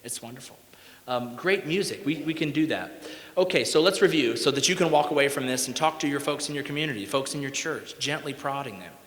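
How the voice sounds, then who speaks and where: A man's voice: mid-range voice, a bit bright. A man giving a conference talk on music teaching, folksy and emphatic, often checking in with "right?". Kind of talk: conference lecture with sung examples. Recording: echoey hall with long reverb.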